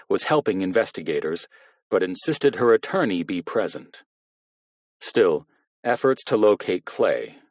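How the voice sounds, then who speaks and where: A man narrating a thriller audiobook in a measured, even reading. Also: lowish voice, dry recording, clean studio sound. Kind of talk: scripted narration.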